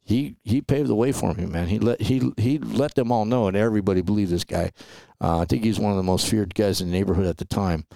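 A middle-aged man from Los Angeles tells stories as a podcast guest in a casual, animated way and often tosses in "man" and "right?". His voice sits low and has a gravelly fry, and it is recorded dry and close to the mic. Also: quick pace, dry recording. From Los Angeles, USA. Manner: animated storyteller, peppers talk with "man" and "right?". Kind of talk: casual storytelling interview.

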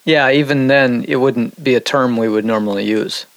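Gravelly, animated podcast co-host man. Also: normal speed, no echo. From Minnesota. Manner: animated, profane, jumps pitch when excited. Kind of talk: casual chat.

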